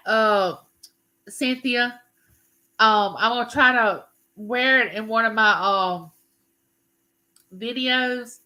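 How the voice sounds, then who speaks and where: A woman's voice: medium pitch, sharp tone. A woman hosting a casual live stream, chatting and greeting her viewers by name. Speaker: livestream host.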